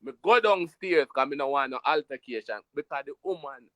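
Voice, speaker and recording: A man from Jamaica with a Jamaican accent, telling a story in an animated, emphatic patois style during a casual chat. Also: a little high, fairly quick, hardly any pauses, no echo.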